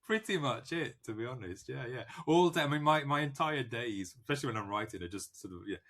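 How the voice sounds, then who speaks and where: A man's voice: mid-range voice, expressive, brisk, fairly bright tone. A man, a novelist guest, chatting casually and animatedly in an interview, laughing often.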